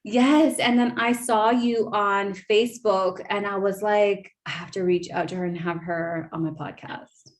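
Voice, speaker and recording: A woman's voice: medium pitch, unhurried, few pauses. Gushing woman podcast host. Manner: animated, gushing, many fillers. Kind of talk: emotional casual storytelling.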